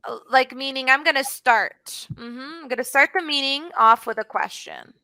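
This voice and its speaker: A woman's voice: sits high, normal speed, sharp tone, dry recording, low-quality recording. A woman teaching English in a one-to-one online lesson, explaining patiently with lots of examples and casual fillers over a video call. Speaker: English tutor.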